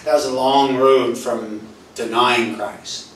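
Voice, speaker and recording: A man's voice: mid-range voice, fairly even intonation, slow pace. Guy preaching a sermon in a big echoey church, mic kinda far off, faint room noise. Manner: storytelling, acts out quoted dialogue, swings from loud to soft. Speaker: pastor. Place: church hall. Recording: roomy echo, voice from far off, faint ambience.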